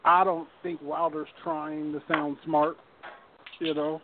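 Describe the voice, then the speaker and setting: A man co-hosting a boxing talk show, giving a measured, contrary opinion. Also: on the high side, monotone. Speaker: co-host. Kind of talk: casual sports talk. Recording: noisy phone-like line.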